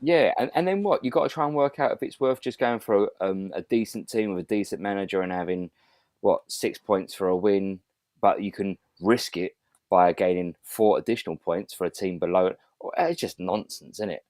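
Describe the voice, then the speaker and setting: A man's voice: sits low, moderate pace, darkish tone, dry recording. A man co-hosting a podcast over a video call, ranting in exasperation in casual chat. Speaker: podcast co-host.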